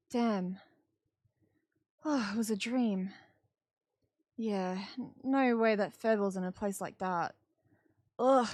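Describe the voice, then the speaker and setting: A woman reading the lines of a vain, jumpy young male actor from a game, excitable and jumping high when startled. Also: dry recording, studio quality. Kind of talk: dramatic game dialogue read aloud.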